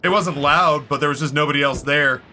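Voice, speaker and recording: A man's voice: fairly high pitch, fairly quick, slight background noise. A man streaming a game, telling rambling stories in a casual, swearing way. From Canada. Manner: rambling, swearing, animated quoted voices. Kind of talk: casual storytelling while gaming. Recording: faint music behind.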